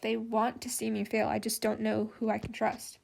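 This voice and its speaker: A harried young woman in charge of an institute, fretful and exasperated, as a woman reads her. Her voice sits a little high, with gravelly edges as she pours out her worries. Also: completely flat delivery, moderate pace, a little mellow, slight background noise.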